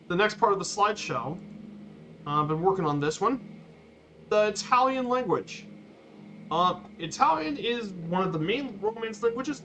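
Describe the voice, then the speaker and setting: A man streaming a flight simulator, giving a casual slideshow talk with halting, repeated words and fillers. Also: high-pitched, bright, forceful tone. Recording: dull lo-fi stream audio with faint noise.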